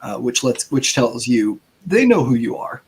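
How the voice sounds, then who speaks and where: A man narrating as game master of a tabletop game, relaxed and halting with lots of fillers. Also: medium pitch, a little hiss or hum.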